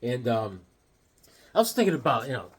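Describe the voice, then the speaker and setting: At normal speed, a man with a medium-pitched voice and a breathy edge casually describes a childhood episode and shows his comic collection. He's animated, voicing yelps and other characters mid-story.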